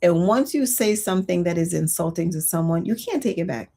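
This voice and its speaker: A woman hosts a livestream and chats casually and expressively, mixing personal stories with viewer comments she reads aloud. Her voice sits on the low side and has a husky edge. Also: expressive, fairly quick, dark tone. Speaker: livestream host. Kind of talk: casual storytelling chat.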